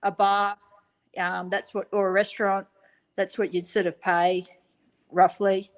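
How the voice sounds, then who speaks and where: A woman chatting casually, relaxed and trailing off with fillers. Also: medium pitch, unhurried, low-quality recording. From Australia. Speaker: guest in a chat. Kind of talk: casual chat.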